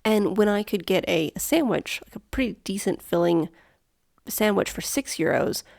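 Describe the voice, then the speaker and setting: Female podcast co-host, lowish gravelly voice, dry booth sound, practical and plain-spoken. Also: animated, normal speed, a little mellow, no echo. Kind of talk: casual chat.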